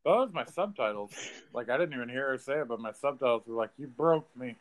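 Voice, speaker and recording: An animated man in a casual podcast chat, acting out scenes from a film he just watched. He laughs often and swears. His voice sits in a middle pitch. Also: quick pace. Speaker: podcast co-host. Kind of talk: casual movie review chat.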